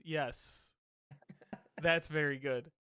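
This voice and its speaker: A man's voice: a little high, fairly even intonation, very slow, bright, forceful tone, clean tone, no echo, clean studio sound. A man co-hosting a podcast, chatting casually and self-deprecatingly over a video call and laughing easily. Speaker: podcast co-host. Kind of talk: casual chat.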